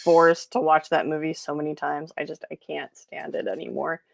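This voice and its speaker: A woman hosting a livestream, chatting casually in a blunt, animated way and laughing often. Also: low-pitched, moderate pace, gravelly. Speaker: host. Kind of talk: casual chat. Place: home, on a livestream.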